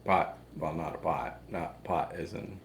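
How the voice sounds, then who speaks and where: A man co-hosting a live stream, chatting casually in a halting way with lots of fillers. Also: very deep voice, reverberant, slight background noise.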